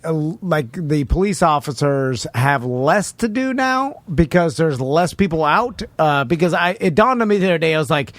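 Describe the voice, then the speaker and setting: A man's voice: fairly high pitch, lively intonation, normal speed, few pauses, dry recording. A man co-hosting a podcast, musing in an easygoing, laid-back way. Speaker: podcast co-host. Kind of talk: casual chat.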